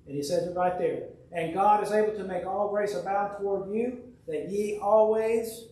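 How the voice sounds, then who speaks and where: Man, Bible study teacher, folksy and conversational, high voice, far off in a roomy hall. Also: normal speed, a little mellow. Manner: folksy, conversational, reads scripture aloud and quotes hymns. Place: church room. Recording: very echoey room, speaker far from mic.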